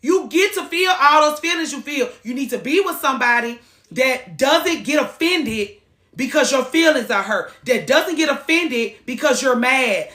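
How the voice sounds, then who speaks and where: A woman giving blunt, profane, animated relationship advice on a live stream. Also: sits high, moderate pace, roomy sound.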